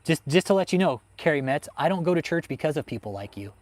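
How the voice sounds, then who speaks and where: A man's voice: on the high side, very animated, quick pace. A man hosting a livestream, ranting heatedly and swearing constantly as he answers chat. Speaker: host of a livestream on cults. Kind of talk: profane livestream rant, reading chat.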